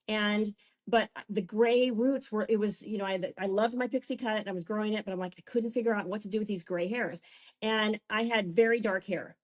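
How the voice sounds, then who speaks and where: A grandmother in her fifties tells her story as a talk-show guest, gushing and emotional. She stumbles and restarts her sentences, and her voice sits at an ordinary middle pitch. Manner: effusive, restarts often, gets emotional. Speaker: guest, beauty and wellness coach. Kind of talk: candid personal storytelling.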